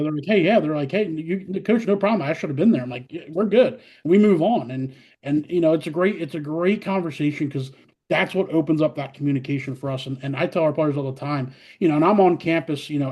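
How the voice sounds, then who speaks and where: A man with a fairly high voice for a man talks energetically about coaching, stacking up fillers and restarts. He tells stories casually in an interview. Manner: energetic, quick storytelling with many fillers and restarts. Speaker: college softball head coach, guest.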